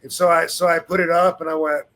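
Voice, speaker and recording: A man's voice: fairly high pitch, level tone, fast talker, a bit bright. A man hosting a podcast, telling a story in a laid-back, casual way, swearing freely and laughing now and then. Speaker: podcast host.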